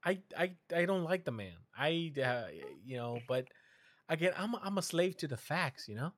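Young male co-host, chatty and animated, slightly high voice, swears freely while telling stories. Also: moderate pace, no room sound. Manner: animated storytelling, swears, mimics his mom. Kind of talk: casual podcast chat.

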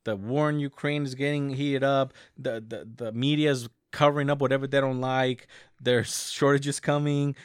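A man ranting in casual, profane podcast chat as co-host, animated and talking fast in bursts. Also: medium pitch, clean tone, no echo, studio quality.

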